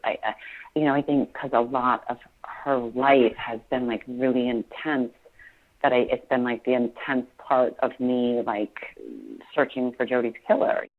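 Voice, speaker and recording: A woman in her forties, a podcast guest, talking haltingly with many restarts and fillers in an emotional interview. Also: very deep voice, fairly even intonation. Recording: tinny phone line.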